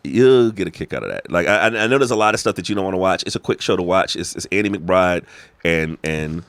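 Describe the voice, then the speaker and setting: A low-voiced American man holds forth as a podcast guest. His pitch swings widely as he makes his points with emphatic, profane energy. The sound is close and dry. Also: fast talker, clear, resonant tone, no room sound. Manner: animated, emphatic storyteller who swears freely. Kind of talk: casual conversation.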